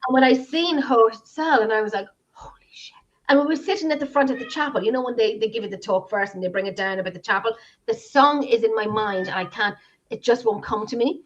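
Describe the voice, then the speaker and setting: A woman's voice: a little high, fast. An Irish woman on a video call, telling a story in casual chat, emotional and rambling, with many restarts. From Ireland. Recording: dull lo-fi sound.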